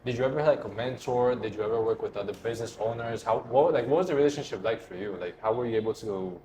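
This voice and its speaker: A man's voice: medium pitch, fast talker, dark tone. A man hosting an interview, asking long, rambling questions full of fillers. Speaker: podcast host. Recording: noisy background.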